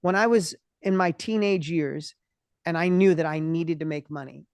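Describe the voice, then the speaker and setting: A man in his fifties, a guest entrepreneur in an interview, talking with passion and often restarting his words when excited. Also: fairly high pitch, clear, resonant tone, dry recording, studio quality. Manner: passionate, acts out other people's voices in quick bursts. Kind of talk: energetic interview conversation.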